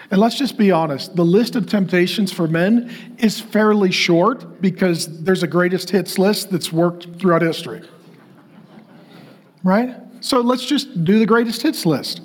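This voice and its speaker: Middle-aged male preacher, slightly higher voice, personal and then emphatic. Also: husky. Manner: personal storytelling, rising to emphatic call-and-response questions. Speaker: pastor. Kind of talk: sermon.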